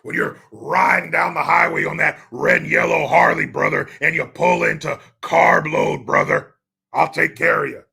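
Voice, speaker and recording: Man putting on a pumped-up restaurant pitchman, loud, says brother a lot, bright. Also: normal speed, vocal fry, husky, heavily acted. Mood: hyped. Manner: says brother after every phrase. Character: gruff pumped-up male pasta restaurant pitchman.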